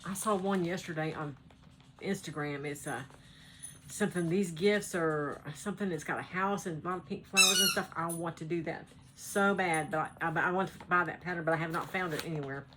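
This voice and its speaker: A chatty woman with a Southern American lilt, talking at home about her stitching projects. Her voice sits a little low, and she rambles with easy restarts and frequent laughs. A faint hum of room ambience sits behind her. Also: brisk, a bit bright. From North Carolina. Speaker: cross-stitch vlogger. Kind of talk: casual chat.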